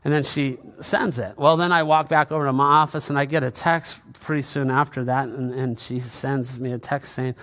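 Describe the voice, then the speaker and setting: A man's voice: medium pitch, fairly even intonation, normal speed, a bit bright. A male pastor preaching a conversational sermon in church, often calling out to the congregation.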